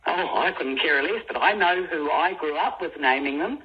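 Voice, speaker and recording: A woman's voice: low-pitched, moderate pace, breathy edge, lo-fi sound. A woman from Southland with a New Zealand accent, arguing firmly as a radio caller. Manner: firm, indignant.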